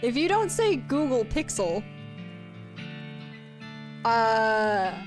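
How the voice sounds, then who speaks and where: A woman's voice: a little high, big pitch swings, extremely slow, music in the background. A woman streamer chatting casually with her viewers, bubbly and teasing, laughing often as she talks. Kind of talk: casual live-stream chat.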